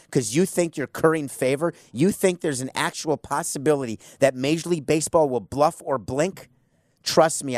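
A sports radio host delivers an opinionated talk-show monologue, blunt and sarcastic. His voice is mid-range, captured in a dry, studio-quality recording.

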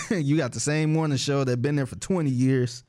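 A man's voice: medium pitch, normal speed, darkish tone. A man co-hosting a casual podcast chat, easygoing and teasing, laughing often. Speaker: podcast co-host.

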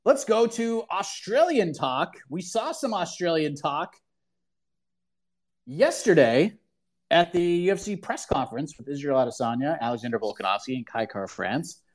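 A man's voice: a little high, animated, normal speed. A man hosting a casual sports talk call-in show, opinionated and emphatic, often repeating himself for emphasis. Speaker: podcast host answering callers.

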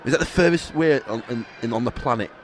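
A man's voice: mid-range voice, quick pace, background noise. A man co-hosting a football chat show, teasing and laughing with his co-host. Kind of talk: casual banter commentary.

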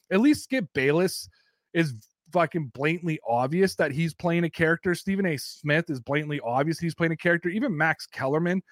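Canadian male sports host, young adult, blunt and profane, slightly high voice. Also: fairly bright tone, no echo, studio quality. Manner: blunt and profane, rambling opinions. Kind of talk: casual sports talk.

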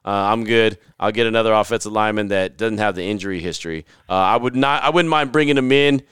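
A man co-hosting a casual sports chat in an animated, slangy, joking way. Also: lowish voice, fast talker, clean tone, no echo, clean studio sound. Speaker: podcast co-host.

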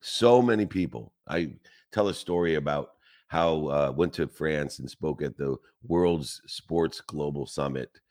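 Very deep-voiced man giving a motivational talk. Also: unhurried, a little mellow. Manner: emphatic, repetitive listing cadence with rhetorical questions. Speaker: motivational speaker.

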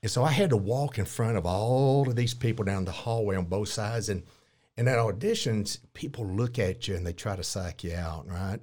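Guy, lowish voice, spinning a story in a chat, laughs a lot, does everybody's lines. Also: normal speed. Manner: animated, chuckles often, acts out quotes. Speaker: interview guest. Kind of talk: casual storytelling.

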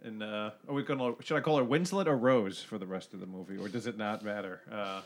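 A man's voice: on the low side, fast. A man chatting casually and with amusement while commenting on a movie he is watching with friends.

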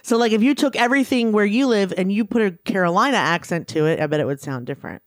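A woman co-hosting a podcast in casual chat, talking in a chatty, teasing way with quick asides. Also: medium pitch, animated, dry recording, clean studio sound. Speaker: podcast co-host.

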